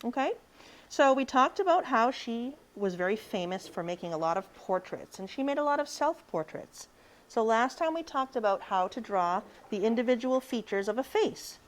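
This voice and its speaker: A woman's voice: fairly high pitch, animated, moderate pace. A woman teaching an art lesson, explaining it step by step.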